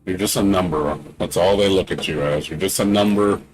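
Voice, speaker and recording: A man's voice: low voice, a little fast, faint music behind, poor audio. A man streaming a game, ranting indignantly in casual talk, repeating himself with many fillers. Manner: indignant, repetitive, many "you know" fillers. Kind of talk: casual rant during a livestream.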